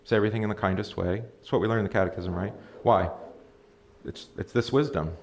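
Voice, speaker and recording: A man's voice: on the low side, fast talker, a little mellow, a little hiss or hum. A man teaching a casual Bible study as pastor, talking to the room, asking questions and reading passages aloud. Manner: conversational, asks the room questions, chuckles. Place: church or classroom. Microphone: live stream mic.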